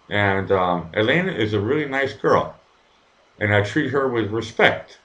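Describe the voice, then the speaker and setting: In an echoey room, a man runs his own live stream, reading chat and launching into profane, heated rants aimed straight at viewers. His voice is on the low side, animated and unhurried, with a fairly bright tone.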